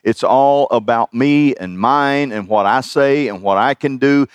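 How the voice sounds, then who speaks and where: A man's voice: medium pitch, measured pace, clear, resonant tone, no room sound, muffled recording. A middle-aged man preaching a sermon in a folksy, conversational way, chuckling at his own asides. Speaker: pastor.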